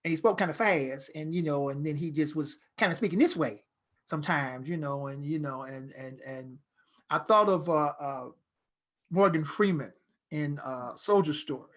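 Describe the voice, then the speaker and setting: Animated, rambling middle-aged man. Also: on the high side, normal speed. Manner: animated storyteller, loose and rambling. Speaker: actor, interview guest. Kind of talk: casual interview conversation.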